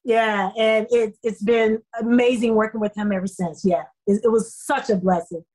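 A middle-aged woman, an actress being interviewed, telling her story in a lively way and repeating herself as she goes. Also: fairly high pitch, moderate pace. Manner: lively, acts out quoted voices, repeats herself. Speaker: actress guest.

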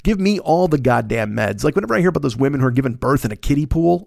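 A man's voice: a little high, fast talker, creaky, few pauses, no room sound, studio quality. A man in his fifties getting over a cold, riffing in a profane, rambling comic monologue as the host of his own show. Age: 50s. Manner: rambling, crude and animated, jumps into mocking voices. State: recovering from a cold, phlegmy. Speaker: podcast host.

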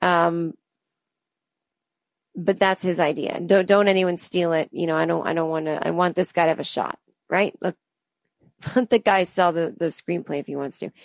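A woman's voice: lowish voice, steady tone, normal speed, gravelly, long pauses, no room sound. A woman in her thirties, a podcast host telling a comic story in an exasperated, rambling and self-deprecating way. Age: 30s. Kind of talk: comedic storytelling monologue.

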